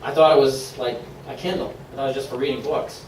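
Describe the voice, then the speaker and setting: A man from Maine giving an upbeat, persuasive sales pitch to a live room, laughing often. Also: steady tone, fast, a little mellow, roomy sound, far from the mic, a little hiss or hum, low-quality recording. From Maine, USA. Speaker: presenter at a sales meeting. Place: meeting room.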